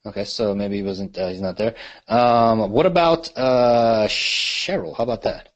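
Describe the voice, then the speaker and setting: A man's voice: fairly low pitch, measured pace, no room sound, lo-fi sound. A man leading a real estate marketing training call, talking in a conversational way and checking in with the group after nearly every point. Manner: conversational, repeats questions, lots of "right?" and "okay?". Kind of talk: live training call, teaching.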